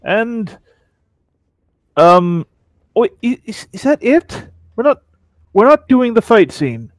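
A man's voice: high voice, big pitch swings, takes it slowly, no room sound. A man giving casual, comedic game commentary with sarcastic, joking asides. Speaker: Let's Play commentator.

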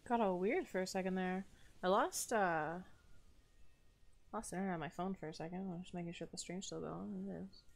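Woman streamer, casual gameplay chat, expressive, swears, lowish voice. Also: normal speed, creaky. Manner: chatty, expressive, swears freely.

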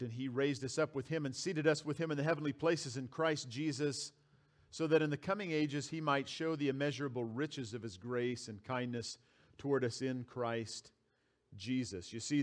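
In a church sanctuary, a pastor preaches a sermon, reading scripture aloud and repeating key phrases for emphasis. His voice is mid-range, and he speaks at normal speed.

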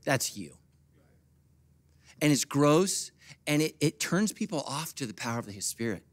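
A middle-aged man preaching a sermon as pastor, jumping between quiet asides and loud animated peaks, with humorous asides to the congregation. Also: a little high, moderate pace. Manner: animated preaching with big swings from soft to loud.

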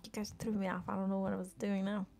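A woman's voice: medium pitch, flat delivery, quick pace, creaky, dark tone. A young woman streaming herself playing a game, chatting casually and often laughing and muttering to herself. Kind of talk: casual live-stream commentary while playing.

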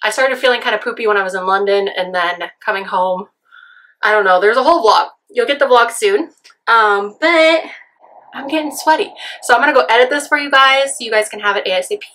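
A hoarse woman with a raspy voice, gushing through a casual try-on haul vlog. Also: a little high, brisk, sharp tone. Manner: gushing, effusive. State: hoarse from a cold. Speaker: fashion vlogger.

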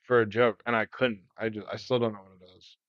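A man's voice: on the low side, level tone, a little fast, a bit bright, dry recording, highs cut off. A young man co-hosting a podcast in casual chat, joking and swearing freely, sometimes losing his train of thought. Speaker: podcast co-host.

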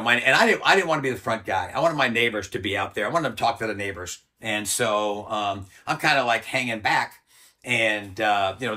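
A man's voice: lowish voice, sharp tone. A man in his sixties, a former soldier and interview guest, telling a story bluntly with plenty of swearing and acted-out quotes. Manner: blunt, profane storytelling that acts out quoted voices.

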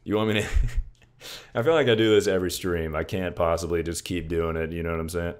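Very deep-voiced young man streaming. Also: fairly even intonation, fairly quick, smooth. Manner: laid-back, joking, swears often, calls chat "dude" and "brother". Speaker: livestreamer. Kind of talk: casual livestream chat.

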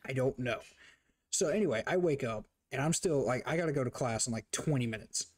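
Young male streamer, animated storyteller, swears freely, mid-pitched voice, casual chat. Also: a little fast. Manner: animated, profane, laughs while telling stories.

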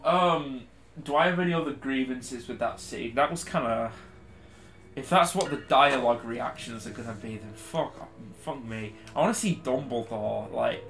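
A man's voice: medium pitch, normal speed, fairly bright tone, faint music behind. A young man casually commentating on a game he is playing, ranting, swearing and laughing often. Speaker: game reaction host.

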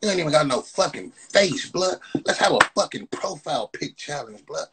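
A man hosting a phone livestream, loudly roasting and mocking his viewers with profane banter, tagging "blood" onto nearly every phrase. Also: a little high, lively intonation, moderate pace, gravelly, a little hiss or hum, low-quality recording. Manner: loud, mocking, repeats "blood" constantly. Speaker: livestream host. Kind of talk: profane Instagram live roast.

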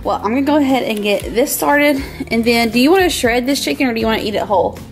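Chatty woman with vocal fry. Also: a little high, quick pace, soft background music. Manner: chatty, upbeat, says "y'all". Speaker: vlog host. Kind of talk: casual cooking vlog chat. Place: home kitchen.

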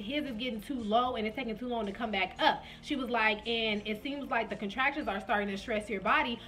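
A young woman casually telling viewers her labor story, acting out her own reactions in sudden high bursts and calling them "y'all". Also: fairly bright tone. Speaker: vlogger.

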